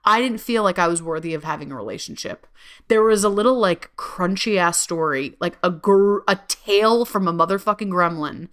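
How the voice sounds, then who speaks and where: A woman with a bright voice hosts a casual solo podcast, talking a little fast. She's chatty and animated, swearing heavily, using "like" constantly, and jumping suddenly up in pitch.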